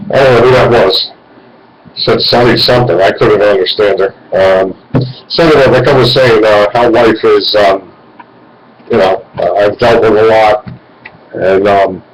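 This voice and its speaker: A man's voice: fairly low pitch, slight background noise, low-quality recording. A man in his forties hosting a radio call-in show, talking in a rambling, meandering way. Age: 40s. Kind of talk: casual call-in talk.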